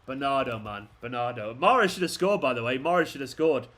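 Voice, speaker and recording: A young fan channel host runs a live football watchalong stream, ranting at the players on screen and swearing often. His mid-range voice is expressive, brisk, and a bit bright.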